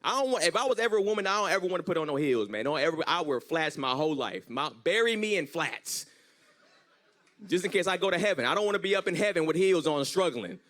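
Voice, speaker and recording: Young male stand-up comic, bright, animated storyteller who does high-pitched voices. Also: fast. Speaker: stand-up comedian. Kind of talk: stand-up comedy set. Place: church comedy stage with live audience.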